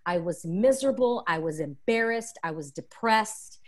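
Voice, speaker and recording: A woman's voice: mid-range voice, normal speed. A woman interview guest telling a frank, emotional personal story, acting out the voices of the people in it. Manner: emotional, expressive, acts out quoted voices; frank, confessional.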